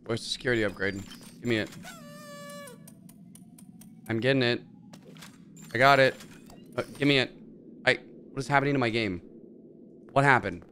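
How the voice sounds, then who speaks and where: A man narrating a horror game let's-play, joking, swearing and yelling when startled. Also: medium pitch, a little hiss or hum. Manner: jokey, swears, mutters, yells when startled. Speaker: gaming YouTuber.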